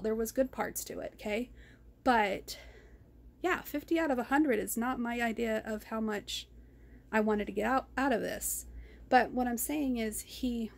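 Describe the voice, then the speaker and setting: A woman's voice: fairly high pitch, moderate pace. A woman talking in a raw personal vlog, rambling and ranting, often repeating herself. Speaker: vlogger. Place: car.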